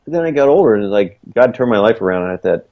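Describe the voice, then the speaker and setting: A man with a lowish voice tells his story in a loose, earnest ramble, leaning on fillers as he goes. The recording sounds dull and lo-fi. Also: expressive, quick pace. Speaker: guest, small business owner. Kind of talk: casual storytelling.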